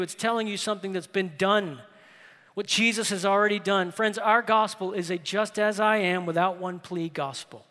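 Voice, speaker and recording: Man preaching, high voice, impassioned then hushed, church sanctuary, long hall reverb. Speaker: pastor. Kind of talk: sermon.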